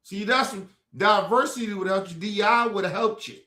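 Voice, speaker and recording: A man's voice: high voice, fairly quick, pushed and bright, echoey room. A man ranting about politics on a stream, heated, profane and repetitive. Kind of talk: ranting commentary. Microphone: streaming mic.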